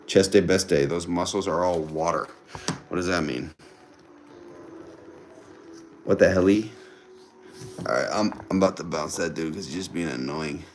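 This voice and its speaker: Low-voiced young man chatting on a livestream. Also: moderate pace, slight background noise. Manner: chatty, repeats phrases, banters with commenters. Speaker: livestream host. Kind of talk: casual livestream chat reading viewer comments. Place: indoors at home with a TV on.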